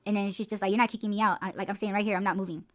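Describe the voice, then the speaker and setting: A woman's voice: medium pitch, racing. A woman co-hosting a podcast, telling stories in casual chat, full of swearing and filler words. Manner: animated storytelling, heavy swearing and "like" fillers. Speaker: podcast co-host.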